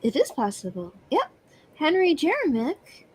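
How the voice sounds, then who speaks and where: High, slow-talking female co-host. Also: huge pitch swings. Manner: hesitant, giggly. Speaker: regular co-host reading viewer ratings. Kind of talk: casual live-stream chat.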